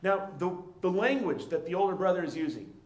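A man's voice: high voice, lively intonation, fairly quick, reverberant. A male pastor delivering a conversational sermon and often checking in with his listeners.

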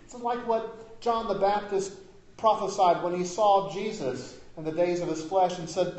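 A male pastor delivers an emphatic sermon in a slightly high, mellow voice. His pitch rises and falls widely as he moves between loud declarations and quiet asides. The sound carries the echo of a large church sanctuary. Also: measured pace.

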